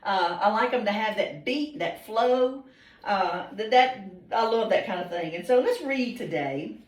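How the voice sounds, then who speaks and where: A woman's voice: medium pitch, lively intonation, unhurried. Woman teaching class, far off. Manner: patient, questioning students by name, frequent ums. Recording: roomy classroom, mic far off.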